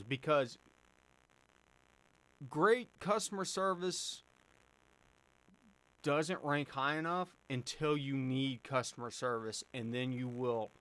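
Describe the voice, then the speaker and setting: Man, live-stream host, casual chat, fillers and restarts, mid pitch. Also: a bit bright. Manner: chatty, conversational, frequent fillers and restarts. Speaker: livestream host answering chat.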